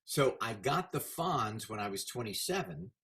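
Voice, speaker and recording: A man in his seventies, a guest in a casual interview, telling animated stories about his career. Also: on the low side, moderate pace. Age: 70s. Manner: animated anecdotal storyteller.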